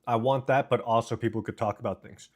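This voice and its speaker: A man's voice: medium pitch, fairly even intonation, brisk. A man live-streaming from home, chatting casually and reading chat aloud while eating, on a desk mic. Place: home, indoors. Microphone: desk mic with noise cancellation.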